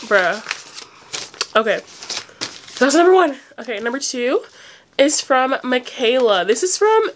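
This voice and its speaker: Young woman, high-pitched, unedited phone vlog, teary and rambling, filler-heavy. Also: sing-song, unhurried, pauses often, a little hiss or hum. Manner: rambling, emotional, near tears, many "like" fillers. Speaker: vlogger opening fan mail.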